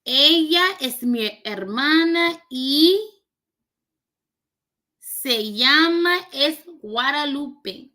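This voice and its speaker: A woman's voice: high voice, animated, drawn-out words, long pauses, sharp tone. A woman learning a language on camera, chatting casually and joking with her viewers. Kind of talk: casual chat while doing a recorded lesson.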